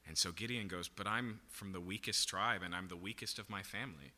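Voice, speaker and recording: A man's voice: deep voice, fairly quick, pushed and bright, long reverb tail. A man preaching a sermon, teaching through a Bible passage and checking in with the room with "okay?" and "right?". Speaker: pastor.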